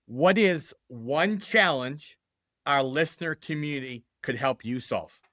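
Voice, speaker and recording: A man's voice: medium pitch, measured pace, pushed and bright, dry recording, clean studio sound. A man hosting a casual interview, earnest and agreeable, rephrasing his guest's points. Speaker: podcast host.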